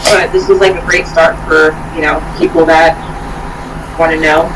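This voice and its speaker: A woman co-hosting a casual chat, a relaxed and supportive listener. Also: sits low, normal speed. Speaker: podcast co-host. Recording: distant mic with background noise.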